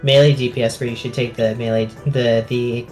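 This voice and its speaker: A man's voice: medium pitch, flat delivery, fairly quick, darkish tone. A man with a mid-range voice in casual podcast chat. He is insistent, repeats himself and hedges his points, with faint music behind.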